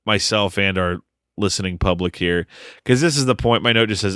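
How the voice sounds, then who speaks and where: A man's voice: on the low side, moderate pace, a bit bright, smooth, no echo, studio quality. A man co-hosting a casual film podcast, wry and swearing as he laughs at the plot. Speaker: podcast co-host.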